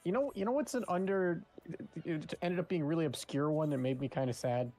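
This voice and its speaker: A man streaming, chatting casually and telling animated stories with frequent laughs. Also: fairly high pitch, a little fast, soft background music. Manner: animated storyteller, laughs often. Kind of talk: casual chat.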